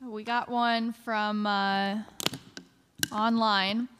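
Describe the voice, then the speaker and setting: A woman's voice: medium pitch, flat delivery, drawn-out words, a bit bright, smooth. A woman moderating a conference Q&A, reading out audience questions in a casual, friendly way. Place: large conference hall.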